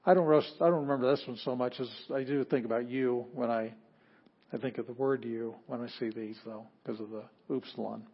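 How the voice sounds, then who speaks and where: A man's voice: mid-range voice, fairly even intonation, brisk, breathy edge. A man with a twang gives a casual classroom lecture, chatty and self-correcting, with joking asides. His voice sits in a middle range. The recording is dull and lo-fi. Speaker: Greek teacher.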